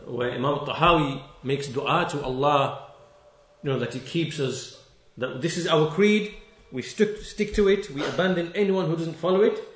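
A man preaching a sermon, stressing key words and repeating them, reciting scripture verses quickly in between. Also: mid-range voice, echoey room. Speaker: Islamic preacher.

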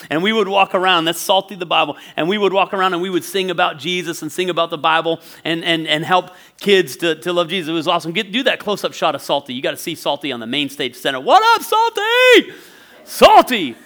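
A man in his forties preaching a sermon as pastor, telling a childhood story in a lively way and laughing often. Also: sits high. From northwestern Pennsylvania.

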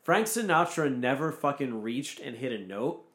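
A man's voice: mid-range voice, lively intonation, normal speed, a bit bright. Profane ranting man, casual chat.

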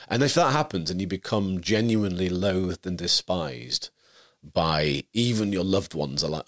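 A young adult man, co-hosting a podcast, chatting casually and telling stories in an animated way. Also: sits low, unhurried, creaky. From York, England. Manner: animated, storytelling, puts on voices. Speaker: podcast co-host. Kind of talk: casual chat.

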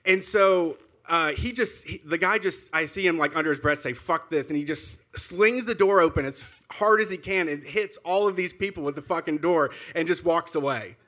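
A man with a bright, fairly high voice tells an anecdote in casual banter. He swears freely and acts out the lines of the people in his story. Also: moderate pace, hardly any pauses. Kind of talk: casual chat.

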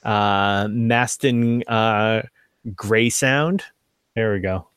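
A man acting as game master, describing scenes in a relaxed, rambling way with lots of fillers. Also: lowish voice, very slow, clear, resonant tone, no room sound, clean studio sound. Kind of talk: narrating a tabletop game.

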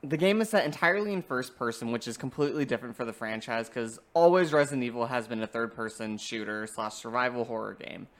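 An enthusiastic podcast co-host recaps a game plot in loose, chatty speech full of fillers. The voice sits at an ordinary middle pitch. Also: lively intonation, fast, few pauses. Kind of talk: casual game review chat.

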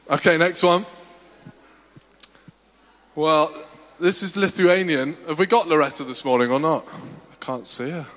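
A man's voice: on the high side, measured pace, long pauses, fairly bright tone. A man leading a church congregation through a greeting game, encouraging and jokey. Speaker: church service leader. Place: large church hall. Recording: reverberant church hall.

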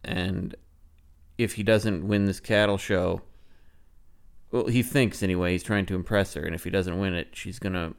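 Low, smooth-voiced man rambling a story. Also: steady tone. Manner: rambling, halting with restarts. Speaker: podcast host telling a story. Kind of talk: improvised storytelling.

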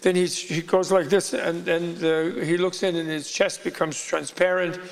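A man casually retelling a legend in an animated, rambling way, full of asides. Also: high voice, normal speed, creaky. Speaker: storyteller. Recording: long hall reverb.

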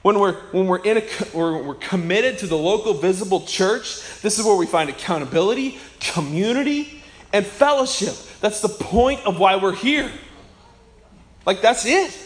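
High-voiced, emphatic male preacher. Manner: emphatic, swinging from loud to soft. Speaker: pastor. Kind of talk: sermon.

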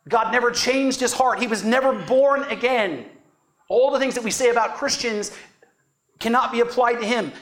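A man's voice: high voice, a bit bright. A man preaching a teaching sermon, earnest and emphatic, stressing key words and checking in with "right?".

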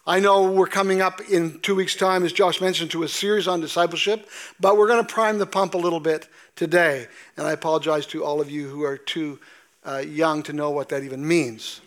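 A man preaching a sermon as pastor in a church, reading scripture slowly and with emphasis. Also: on the high side, steady tone. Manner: slow, deliberate preaching with emphatic drawn-out scripture quotes. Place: church sanctuary.

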